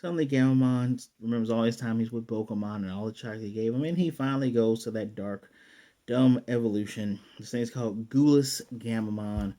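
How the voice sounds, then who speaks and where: A man's voice: medium pitch, brisk, warm tone. A man recapping and reviewing an anime episode in a casual, rambling way, often mocking what he describes. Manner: sarcastic, mocking, rambling with restarts.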